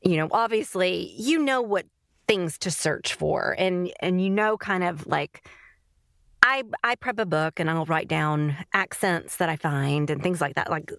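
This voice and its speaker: An audiobook narrator chats casually as a podcast guest, rambling loosely and filling her talk with "like" and "you know." Her voice is fairly low, gravelly and fairly bright, and she speaks unhurriedly. The studio recording is clean, with no room sound.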